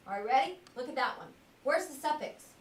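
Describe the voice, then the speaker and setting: High-voiced woman teacher in an echoey classroom. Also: lively intonation. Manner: patient, questioning, drawn-out word modelling. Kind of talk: classroom phonics lesson. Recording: echoey classroom from a distance with faint hiss.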